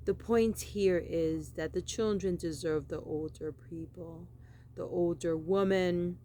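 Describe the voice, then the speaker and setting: A woman's voice: fairly low pitch, fairly even intonation, slow, dark tone, slight background noise. A woman giving a rambling, insistent monologue, repeating the same phrases emphatically. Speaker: vlogger.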